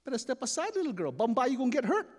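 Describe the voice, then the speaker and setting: A man's voice: extremely high pitch, big pitch swings, racing, long reverb tail, pitched above the performer's own voice, heavily acted. A man playing a brash flirty island chief. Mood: teasing. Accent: Hawaiian Pidgin. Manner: loud teasing calls.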